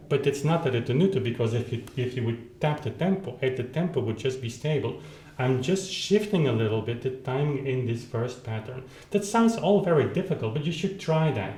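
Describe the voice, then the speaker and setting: Warm and medium-pitched, a male piano teacher explains at the keyboard over a faint hiss or hum. His talk wanders as he thinks aloud and restarts, singing rhythms with syllables, and the instrument plays between phrases in the roomy space.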